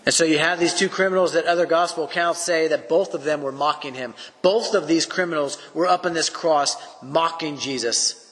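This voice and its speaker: A man's voice: fairly high pitch, fairly quick, a bit bright, long reverb tail. A man teaching through a Bible passage on a podcast. He speaks earnestly in a preacherly way and poses rhetorical questions.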